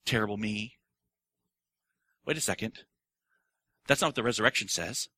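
Preaching as pastor, a middle-aged man speaks at medium pitch, fairly quickly, with vocal fry and a slightly rough texture. He poses rhetorical questions, acts out quotes, and swings from quiet musing to shouted excitement.

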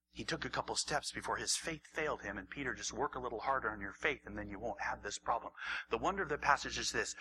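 A man preaching a sermon, acting out the story and swinging from raised, animated lines to hushed near-whispers. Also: mid-range voice, slight background noise, poor audio. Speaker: pastor.

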